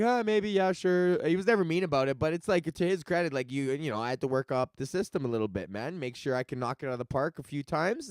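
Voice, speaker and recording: A man with a fairly high voice hosts his own comedy podcast and rants casually with plenty of swearing. His voice is smooth and resonant and sounds close to the mic in a dry, dead room. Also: dry recording. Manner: profane, animated storytelling with acted-out quotes. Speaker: podcast host and stand-up comedian.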